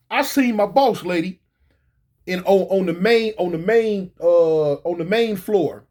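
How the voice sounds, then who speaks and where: A man's voice: high-pitched, lively intonation, takes it slowly, darkish tone. A man telling a personal story in a loose, slangy way, often repeating himself and circling back. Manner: slangy, rambling, repeats phrases.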